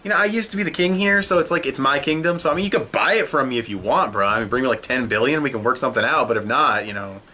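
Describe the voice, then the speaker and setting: A man's voice: medium pitch, animated, fast talker, hardly any pauses, sharp tone. A man voicing a cruel, arrogant male pirate villain who taunts in slangy, mock-casual speech. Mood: smug.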